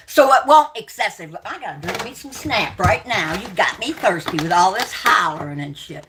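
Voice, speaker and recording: A woman's voice: fairly high pitch, animated, moderate pace, few pauses, a bit bright, breathy edge. A middle-aged woman, hosting a livestream and delivering an angry, profane rant full of insults. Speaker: livestream host.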